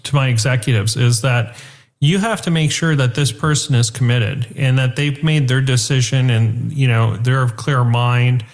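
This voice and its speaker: A man's voice: medium pitch, normal speed. A man who runs a company, a guest on a radio talk show, chatty and full of fillers, acting out calls with customers. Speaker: company chief executive guest. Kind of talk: radio interview.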